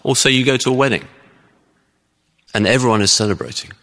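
A man preaching a sermon in a chatty, animated way, telling stories to make his points. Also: mid-range voice, fairly quick, long reverb tail. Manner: conversational, animated storytelling with acted-out voices.

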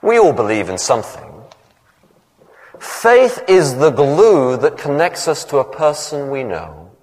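Pengkhotbah pria yang bercerita dengan ekspresif. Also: male voice, a little high, very animated, measured pace, darkish tone, in a large hall. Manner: storytelling, acts out voices in the anecdotes. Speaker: preacher. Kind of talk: sermon.

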